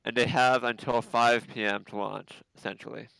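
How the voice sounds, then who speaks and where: A man on a live launch stream, announcing schedule updates in a clear, matter-of-fact way. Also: medium pitch, fairly even intonation, moderate pace, a bit bright, poor audio. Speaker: livestream host giving updates.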